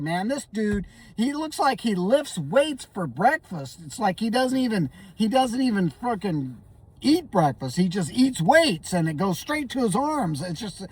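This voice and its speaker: A man's voice: high voice, far from the mic. Rattled man rambling through a story, coughing. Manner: rambling, stammering, clears throat and coughs often. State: shaky and rattled. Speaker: comedic vlogger.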